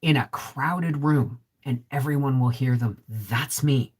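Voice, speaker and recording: A middle-aged woman with a deep, resonant voice, hosting a casual vlog live stream. She chats straight to viewers, reads their comments and keeps asking "right?". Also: a little slow, a little mellow, breathy edge. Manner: chatty, talks straight to viewers with frequent "right?". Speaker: homesteading vlog host.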